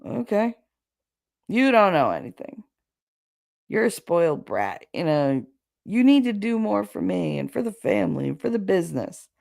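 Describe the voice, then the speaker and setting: A woman's voice: mid-range voice, big pitch swings, moderate pace, creaky, darkish tone. A woman imitating her belittling middle-aged uncle, who talks in curt, harsh insults. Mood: scornful.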